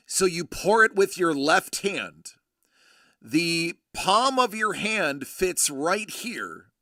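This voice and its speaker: A man's voice: a little high, pushed and bright, no echo, studio quality. A male host chatting casually and enthusiastically while showing a wine bottle, rambling with many fillers and restarts. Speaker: host of a collecting channel.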